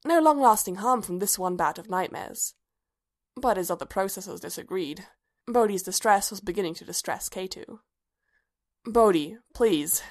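A woman's voice: medium pitch, normal speed. Woman narrating a story. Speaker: reader. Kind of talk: fan fiction read aloud.

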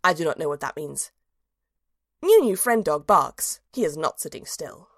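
A woman's voice: low-pitched, sing-song, normal speed, no room sound, clean studio sound, voice pushed down, full character voice. A woman narrating a storybook in the voice of a cheerful, simple-minded little dog, earnest and childlike.

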